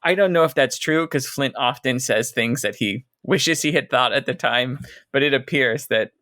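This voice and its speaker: A man's voice: medium pitch, normal speed, sharp tone, no room sound, clean studio sound. A man co-hosting a book podcast, summarizing chapters and reading passages aloud between casual comments. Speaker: podcast co-host.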